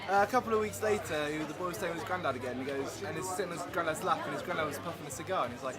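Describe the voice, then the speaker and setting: A man's voice: on the high side, very fast, over a noisy crowd. A man telling a rude joke to a street interviewer in a rambling way. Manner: rambling, with fillers and restarts. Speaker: member of the public telling a joke.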